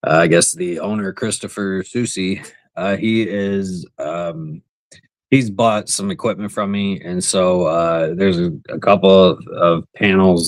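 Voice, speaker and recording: A man's voice: low-pitched, fairly even intonation, measured pace, no room sound. A man co-hosting a casual podcast, chatty and laughing easily. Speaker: podcast co-host. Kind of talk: casual chat.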